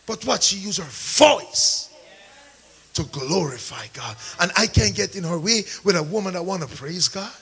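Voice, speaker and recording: A man preaching a sermon, calling out to the congregation and rising into shouts. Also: sits high, expressive, normal speed, breathy edge, rough recording. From Caribbean. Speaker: pastor.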